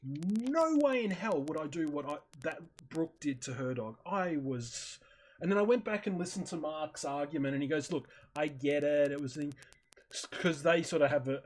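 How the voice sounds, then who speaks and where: A man's voice: on the high side, a little mellow, slightly rough. A man chatting casually over voice chat, animatedly retelling a video he watched and acting out his own reactions. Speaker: streamer in voice chat. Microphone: headset or desk mic on voice chat.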